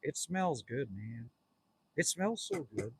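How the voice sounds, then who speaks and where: A man's voice: mid-range voice, big pitch swings, slow, breathy edge. A Canadian man in his fifties, chatting casually on a livestream from his cabin, reading out viewer comments and joking with them in a rambling way. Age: 50s. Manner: rambling, jokey, talks straight to viewers. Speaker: livestream host. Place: outdoors at a cabin.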